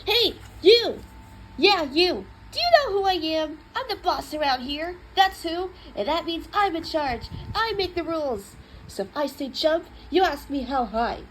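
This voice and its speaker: A woman's voice: high-pitched, expressive, a little slow, slight background noise, poor audio. A woman voicing a flustered cat owner who coaxes, bosses and begs a stubborn cat, in an exaggerated storybook reading. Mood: blustering bossy. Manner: exaggerated sugary then blustering, squealing.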